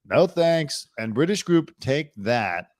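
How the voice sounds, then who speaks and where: A man's voice: fairly high pitch, big pitch swings, takes it slowly, a little mellow, dry recording, clean studio sound. A man hosting a podcast, giving a sarcastic, wisecracking chat about the news. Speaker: podcast host.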